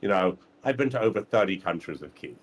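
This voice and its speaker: Brief: male interview guest, lowish voice, easygoing and rambling, filler-heavy. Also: fast talker. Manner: relaxed, rambling, many "you know" and "um" fillers. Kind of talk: casual interview chat.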